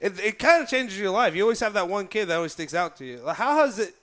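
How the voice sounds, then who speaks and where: High bright excitable podcast host. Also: male voice, fast. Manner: excited, laughing, jokey. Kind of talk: casual podcast chat.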